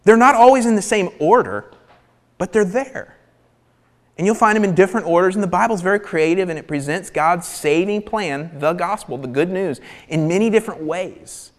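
Animated preacher man in a reverberant hall. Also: high-pitched, moderate pace. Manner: animated, emphatic, drops to near-whispers for emphasis. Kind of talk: sermon.

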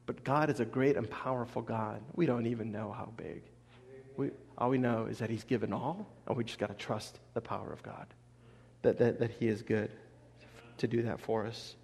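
A man preaching a casual sermon as a pastor, animated, acting out voices and laughing often. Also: medium pitch, moderate pace, gravelly. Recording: long echo of a large hall.

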